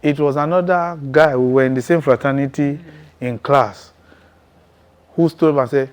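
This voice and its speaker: A man's voice: medium pitch, moderate pace, clean tone. A man giving a testimony sermon, telling his story intensely and emphatically, with frequent chuckles.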